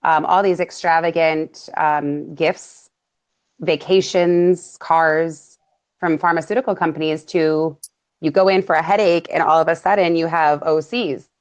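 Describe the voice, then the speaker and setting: A woman's voice: low voice, fairly even intonation, a little slow. A woman co-hosting a casual talk show, talking emphatically, repeating phrases and trailing off mid-sentence. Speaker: podcast co-host. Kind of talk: casual conspiratorial chat. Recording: dull lo-fi audio.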